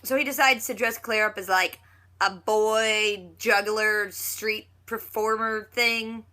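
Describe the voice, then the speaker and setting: A woman recapping a TV episode in a casual, chatty vlog, acting out quotes in quick little voices. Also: medium pitch, fairly even intonation, pushed and bright. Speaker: reaction vlogger.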